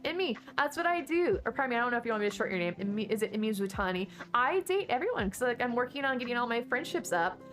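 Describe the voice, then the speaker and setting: A woman's voice: fairly high pitch, very animated, fast talker, hardly any pauses, music in the background. A woman from Texas, chatting casually with her viewers and answering chat during a game stream.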